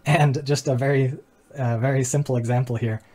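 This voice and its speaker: Steady in tone and brisk, this medium-pitched male voice is a little mellow. He hosts a philosophy channel, giving a reflective, earnest explanation that stacks up rhetorical questions and moves through diagrams, dropping casual asides with fillers and little laughs.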